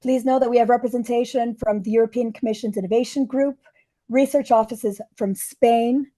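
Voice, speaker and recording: Hoarse middle-aged woman hosting a webinar. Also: a little high, fairly even intonation, normal speed, warm tone. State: hoarse, losing her voice. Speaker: webinar host, diplomat. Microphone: microphone.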